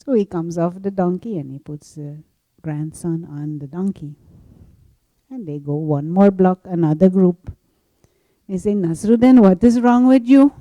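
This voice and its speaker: A woman meditation teacher telling a story in a gentle spiritual talk, laughing softly now and then. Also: fairly low pitch, no echo. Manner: slow, gentle storytelling with frequent soft laughs.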